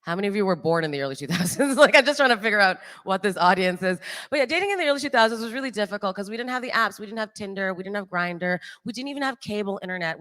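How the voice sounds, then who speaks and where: Animated woman doing stand-up. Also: medium pitch, in a large hall. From Toronto, Canada. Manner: animated, laughs at own jokes, chatty asides. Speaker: stand-up comedian. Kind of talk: live stand-up set. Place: stage in a large hall with an audience.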